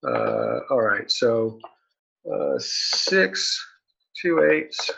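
A man's voice: on the low side, huge pitch swings, drawn-out words, creaky, a bit bright, slightly rough, poor audio. A man playing a tabletop game, chatting casually and thinking aloud as he counts his dice.

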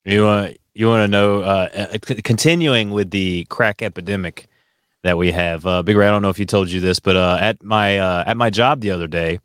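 A man's voice: lowish voice, fairly even intonation, brisk, fairly bright tone, smooth, dry recording, studio quality. A man co-hosting a casual chat podcast, telling a long story in a rambling way with many fillers and restarts. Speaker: podcast co-host.

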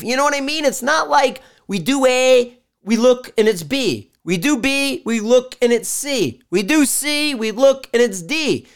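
Profane, animated man hosting a podcast. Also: very high-pitched, smooth. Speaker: podcast host. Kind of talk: casual rambling monologue. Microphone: live stream mic.

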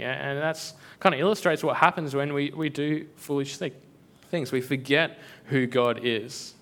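A man's voice: medium pitch, steady tone, moderate pace, a bit bright. A man giving a casual devotional talk as a preacher. He speaks in a conversational and earnest way, full of fillers and restarts. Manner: conversational, filler-heavy, earnest, with frequent repeats.

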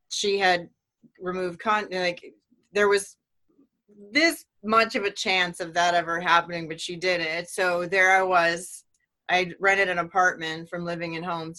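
A middle-aged woman giving a personal testimony in a halting, earnest way, with many restarts. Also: lowish voice, pushed and bright.

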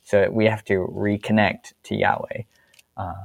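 A man's voice: lowish voice, flat delivery, a little slow, vocal fry, no room sound. A man co-hosting a casual Bible-study discussion in an easygoing way. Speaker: co-host of a faith discussion.

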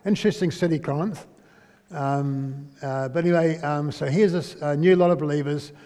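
Guy preaching, fairly high voice, chatty, keeps asking the crowd stuff, big echoey hall. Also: fairly even intonation, normal speed, warm tone. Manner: asks listeners questions, tags lines with "eh?". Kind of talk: conversational sermon. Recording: long hall reverb.

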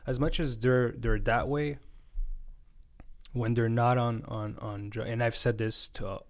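A man with an ordinary mid-pitched voice recounts what happened on the job in a straightforward, earnest manner. He talks plainly, sometimes repeating words as he gathers his thoughts. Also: steady tone, measured pace. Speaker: driver. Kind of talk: casual podcast chat, storytelling.

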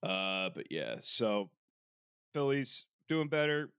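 A man's voice: mid-range voice, very animated, slow, fairly bright tone, clean tone, no echo, studio quality. Rambling, swearing podcast host man. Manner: rambling, profane, lots of fillers. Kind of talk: casual sports chat.

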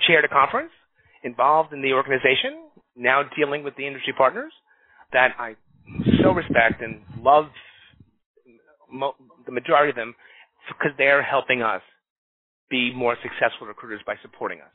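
A man's voice: mid-range voice, moderate pace, pauses often, no room sound. A middle-aged man from New York who works as a recruiter, telling stories in a casual chat and acting out the people he quotes. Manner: animated storyteller acting out quotes. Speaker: staffing recruiter, association leader. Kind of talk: casual podcast conversation. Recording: tinny phone-like dry sound.

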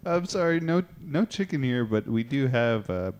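A man playing a bored fast-food worker taking an order, in a deadpan, halting way. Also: mid-range voice, lightly acted.

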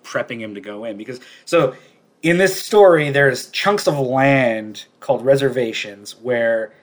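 A man in an easygoing podcast conversation, recounting scenes at length with plenty of "like" and little laughs. His voice sits at an ordinary pitch for a man, and he talks like he is retelling a favorite story to a friend. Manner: rambling storyteller who retells scenes with lots of "like" and chuckles. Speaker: podcast co-host. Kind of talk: casual chat.

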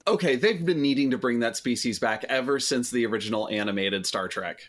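A man co-hosting a casual podcast chat, relaxed and chiming in with short comments. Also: mid-range voice, a little fast. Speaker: podcast co-host.

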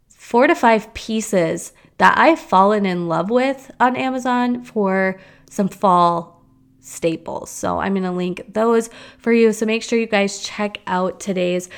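A woman's voice: mid-range voice, unhurried, clean tone. Woman, podcast host, casual girl-chat talk, chatty, loose and rambling. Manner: rambling, chatty, with fillers and restarts. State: hiccups.

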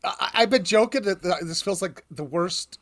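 A man's voice: high-pitched, moderate pace, a bit bright. A man hosting a podcast, telling rambling stories in casual chat with lots of ums. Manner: rambling storyteller, filler-heavy, swears. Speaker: podcast host.

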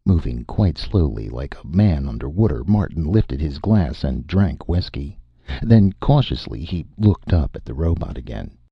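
A man's voice: extremely low pitch, big pitch swings, moderate pace, gravelly, slightly rough, dry recording. A man narrating a science fiction story as an audiobook reader. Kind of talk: scripted narration. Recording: dull lo-fi dry recording.

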